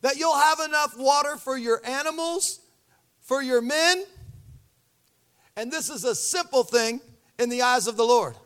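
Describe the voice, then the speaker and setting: High-voiced man preaching a sermon. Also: unhurried, pauses often, smooth. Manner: animated storytelling, acting out voices. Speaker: pastor.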